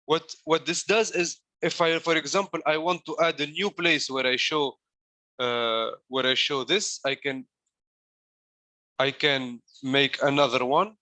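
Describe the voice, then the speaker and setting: Man, coding coach, fairly high voice, dry close sound, step-by-step live demo. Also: measured pace, bright, forceful tone, no room sound. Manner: step-by-step explaining while demonstrating.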